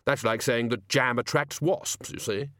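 A man's voice: medium pitch, fairly even intonation, a little slow, fairly bright tone, no echo, close to an everyday voice. A man voicing a pedantic wizard scholar who sounds dry and exasperated.

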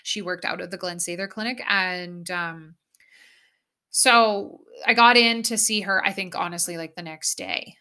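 A woman's voice: on the low side, measured pace, sharp tone. A young woman vlogger from Canada, telling a personal story in a candid, chatty way and swearing freely. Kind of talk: casual storytelling to camera.

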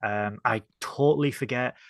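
A man's voice: medium pitch, moderate pace, creaky, a bit bright, dry recording, clean studio sound. A man with a northern English accent co-hosting a casual review chat, talking in a chatty way with jokey asides. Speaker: podcast co-host.

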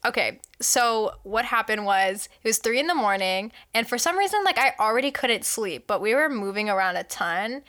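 A young woman co-hosting a chatty podcast, her voice pitched a little high and very bright. She tells stories in an animated way and slips into whispers when she quotes people. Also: normal speed, few pauses. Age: young adult. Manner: animated storytelling, drops to whispers for quoted lines. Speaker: podcast co-host. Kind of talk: casual chat.

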